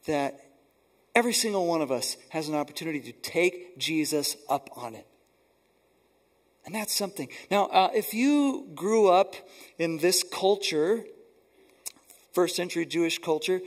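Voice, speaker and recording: A man with a fairly high, husky voice delivers a sermon to his congregation. He preaches earnestly and emphatically, doubling back on key words to drive them home. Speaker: pastor. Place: church sanctuary.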